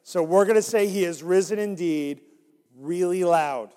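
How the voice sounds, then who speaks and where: A man's voice: high voice, a little slow, smooth. A man reading an interactive Bible story to children as their minister and coaxing them to join in. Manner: animated, coaxing listeners to join in. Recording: long hall reverb.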